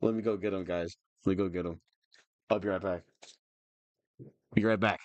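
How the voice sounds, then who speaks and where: A man's voice: deep voice, steady tone, normal speed, dry recording, highs cut off. A young man chatting on a livestream, emotional and rambling, restarting his sentences often. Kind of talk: casual livestream chat.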